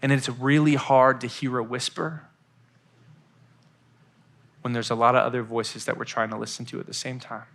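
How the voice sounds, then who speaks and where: A man in his thirties giving a youth sermon, telling stories in a lively way and acting out voices on the phone. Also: medium pitch, moderate pace, long pauses. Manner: animated storytelling with acted-out phone voices. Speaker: youth pastor.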